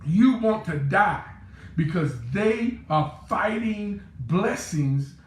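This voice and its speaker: A man preaching a sermon, building through repetition and rising into shouts. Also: high voice, expressive, slow pace. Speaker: pastor. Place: church sanctuary. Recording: echoey church with faint room noise.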